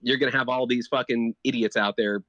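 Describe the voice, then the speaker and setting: A man's voice: mid-range voice, fairly even intonation, fairly quick, a bit bright, no room sound, lo-fi sound. A man co-hosting a sports podcast, building his argument point by point with a loose, casual delivery. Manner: argumentative, laying out points with many "like" fillers. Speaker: podcast co-host.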